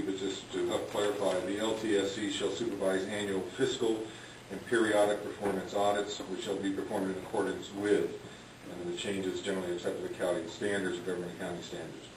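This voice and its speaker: Deep voiced guy reading off notes at a board meeting, lots of ums, far mic, hissy room. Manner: halting, many fillers. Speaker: public commenter. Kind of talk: public comment at a council meeting. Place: large government chamber. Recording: echoey chamber, distant mic, hiss.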